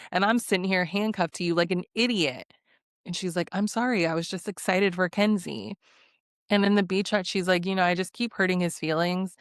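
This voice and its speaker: A woman's voice: lowish voice, no room sound, clean studio sound. Sassy, laughing young woman recapping. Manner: sassy, opinionated, laughs often between remarks. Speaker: recap vlogger. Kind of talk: casual reality-show recap.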